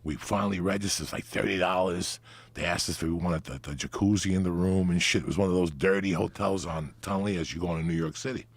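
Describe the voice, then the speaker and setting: A middle-aged man telling a raunchy, profane comic story in animated fashion. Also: low-pitched, quick pace, slightly rough, no room sound. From New Jersey, USA. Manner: profane, animated, acts out voices. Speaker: podcast guest storyteller.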